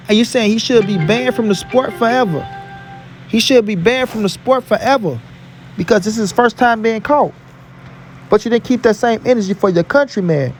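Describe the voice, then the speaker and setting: High-voiced man ranting heatedly. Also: a little hiss or hum. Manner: profane, emphatic, repeats lines for punch. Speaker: boxing commentary vlogger. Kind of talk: heated opinion rant.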